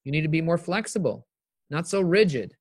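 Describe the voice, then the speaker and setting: Man, fairly high voice, animated, emphatic, live-stream motivational talk, webcam mic. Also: a little fast, husky, no echo, studio quality.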